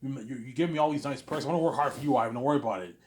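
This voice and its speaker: A man's voice: mid-range voice, very fast, a little hiss or hum, natural voice. A man voicing an eager, reassuring male film director who earnestly promises to work hard and keeps repeating the other person's name.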